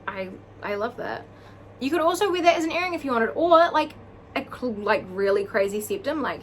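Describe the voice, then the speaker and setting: A young woman with a slightly high voice gushes her way through an unboxing, gasping and exclaiming at every little item. She talks into a camera mic at home, with a faint hum in the background. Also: lively intonation, moderate pace. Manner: gushing, gasping, lots of "oh my God". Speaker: vlogger. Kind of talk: excited unboxing vlog.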